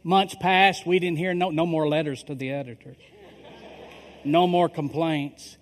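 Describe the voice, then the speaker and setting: A man's voice: on the high side, fairly even intonation, a little slow. A middle-aged male pastor telling a story in a sermon, acting out the dialogue of the people in it. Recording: long reverb of a large hall.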